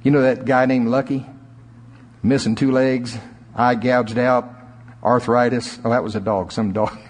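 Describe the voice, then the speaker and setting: A man preaching a sermon, with sudden climbs in pitch and slow, drawn-out emphasis. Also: steady tone. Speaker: pastor. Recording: echoey hall reverb.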